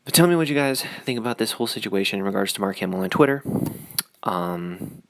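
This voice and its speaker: A man's voice: fairly low pitch, animated, fast talker, vocal fry, dry recording. A man rambling through a casual opinion vlog, full of fillers and sarcastic asides. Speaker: YouTube commentator.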